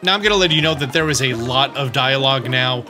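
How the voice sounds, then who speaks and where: Bright-voiced casual gaming host. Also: male voice, mid-range voice, quick pace, soft background music. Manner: casual, chatty, explaining as he plays. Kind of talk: let's play commentary.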